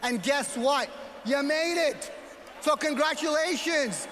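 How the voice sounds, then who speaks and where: High-voiced man speaking in a hall. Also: slow pace, background noise. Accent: New York. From New York. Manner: storytelling, often shouting to the crowd. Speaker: gala speaker. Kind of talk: motivational speech. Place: large banquet hall. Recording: hall reverb, faint ambience.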